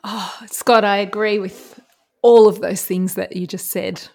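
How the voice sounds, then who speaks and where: A woman's voice: mid-range voice, fairly even intonation, a little slow, gravelly, darkish tone. A woman on a movie podcast panel, chatting casually and animatedly, laughing now and then. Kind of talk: casual chat.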